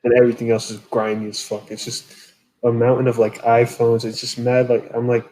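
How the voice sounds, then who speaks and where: A man's voice: medium pitch, completely flat delivery, brisk, mellow, low-quality recording. A young man telling dream stories in a rambling, profane casual chat.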